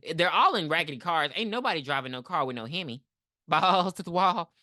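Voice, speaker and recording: Animated woman retelling a movie. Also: lowish voice, a little fast, dry recording, clean studio sound. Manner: animated storytelling, acting out characters in big voices. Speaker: podcast co-host. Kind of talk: casual movie recap.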